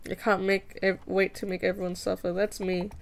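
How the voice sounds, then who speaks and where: A woman's voice: medium pitch, flat delivery, normal speed, creaky. A young woman chatting casually with viewers while drawing on a live stream, playful, giggly and self-mocking. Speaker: streamer drawing fan art.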